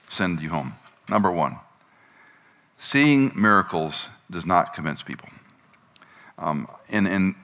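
Bright-voiced man preaching a casual sermon. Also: low voice. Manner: conversational preaching, animated when acting out complaints. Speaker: pastor.

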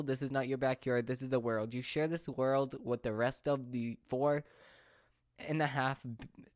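A man's voice: medium pitch, dry recording, clean studio sound. A teenage boy talking casually to his viewers in a rambling, repetitive, exasperated rant. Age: teens. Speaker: vlogger. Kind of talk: casual monologue to camera.

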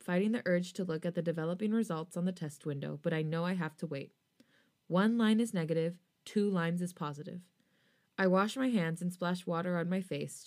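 A woman host reading a first-person fan fiction story aloud for a podcast. Her reading is expressive, and her voice sits slightly low.

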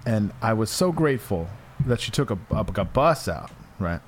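A sing-song, lowish male voice moves at a moderate pace as this podcast host in his thirties chats casually, rambling and crude, with plenty of fillers. The room has a window open near a porch, and slight background noise is audible.

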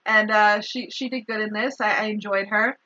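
A woman's voice: medium pitch, steady tone, normal speed, bright, forceful tone, highs cut off. A woman in casual chat, recapping a movie with a co-host, acting out the characters' lines and laughing often. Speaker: podcast co-host.

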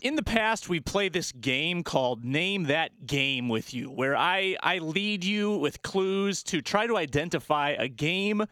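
Man, sports host, hoarse and raspy, fairly high voice, dry sound. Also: lively intonation, unhurried, few pauses, sharp tone, no echo. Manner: leading, quizzing, upbeat. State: hoarse from yelling. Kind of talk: casual sports talk and quiz.

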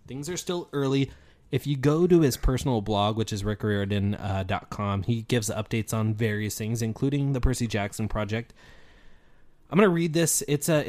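A man's voice: mid-range voice, darkish tone. Guy cohosting a podcast, chatty, going over the news casually. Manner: chatty, summarizes entertainment news. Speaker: podcast co-host.

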